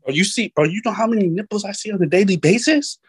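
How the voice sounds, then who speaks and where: A young man guesting on a podcast, chatting casually in a laid-back, halting way that often trails off. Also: sits high, husky, dry recording. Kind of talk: casual chat.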